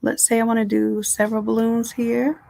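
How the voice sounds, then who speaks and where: A woman design instructor giving a casual, chatty live software tutorial from home, talking straight to her viewers. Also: on the high side, flat delivery, moderate pace, gravelly.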